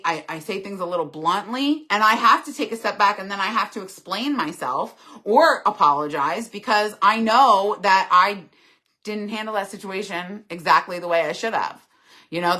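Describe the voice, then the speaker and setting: A middle-aged woman hosts a casual live stream, reading viewer comments aloud and answering each one in an earnest, candid way. Her voice is bright and forward, sitting at an ordinary pitch for a woman. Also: normal speed.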